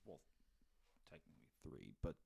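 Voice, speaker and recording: A man's voice: moderate pace, warm tone. A man co-hosting a podcast, casually recapping a film's plot with lots of fillers and restarts. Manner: rambling, many fillers and restarts. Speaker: podcast co-host. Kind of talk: casual movie review chat.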